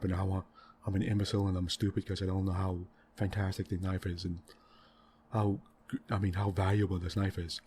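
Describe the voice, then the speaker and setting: A low-pitched man talking quietly in soft-spoken gaming commentary, rambling on in an exasperated rant and tossing in "right?" and "you know" at every turn. A faint hiss sits under his voice. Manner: rambling, exasperated ranting about a game plot; frequent tag questions and fillers. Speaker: gaming channel host.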